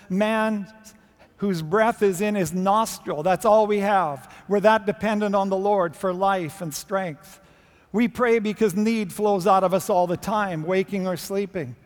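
A man preaching a sermon, moving from measured teaching to loud, fervent crying out. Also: high-pitched, in a large hall.

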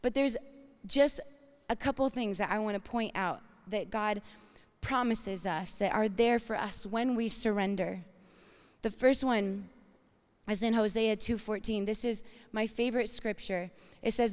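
A woman preaching a sermon in an expressive, dramatic way, acting out inner voices and reading scripture. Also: mid-range voice, measured pace, in a large hall.

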